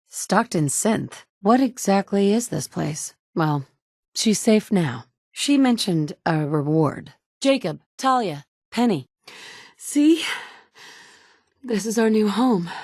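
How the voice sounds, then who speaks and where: A wry, steady survivor. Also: female voice, lowish voice, dry recording, clean studio sound, full character voice. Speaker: player character. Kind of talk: game dialogue lines.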